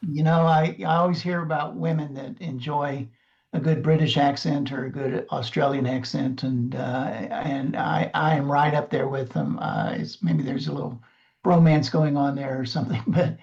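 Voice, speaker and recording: A man with a fairly high, gravelly voice talks earnestly and at a measured pace, with "uh" fillers. The audio sounds a little dull and lo-fi. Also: a little mellow. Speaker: podcast co-host. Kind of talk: casual podcast recap chat.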